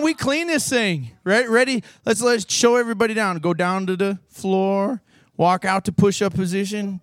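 High-voiced playful youth preacher. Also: male voice, no room sound. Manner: playful, goading, shouts coaching cues. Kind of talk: youth sermon with audience games.

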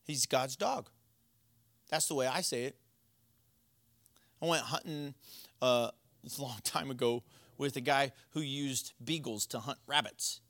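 A man's voice: medium pitch, measured pace, long pauses, fairly bright tone, no echo. A man preaching a sermon, telling stories in a plain, conversational way. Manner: conversational storytelling, plain folksy talk.

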